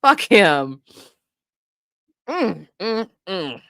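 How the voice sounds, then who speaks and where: A woman co-hosting a podcast, ranting in a profane, animated way and laughing often. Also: mid-range voice, very slow, no echo, studio quality. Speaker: podcast co-host. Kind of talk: casual comedic commentary.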